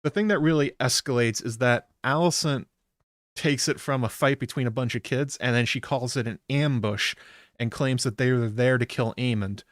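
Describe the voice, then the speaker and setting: A man's voice: medium pitch, normal speed, no room sound, studio quality. A man hosting a podcast, recapping a TV episode in a rambling, casual way with lots of filler words. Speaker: podcast host.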